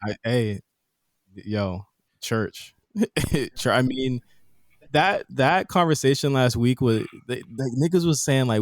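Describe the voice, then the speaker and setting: A lively man hosts a casual podcast chat, his mid-pitched voice swinging widely up and down. He talks loosely in slang and laughs often, and the recording is dry and close. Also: slow pace, no echo. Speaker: podcast host.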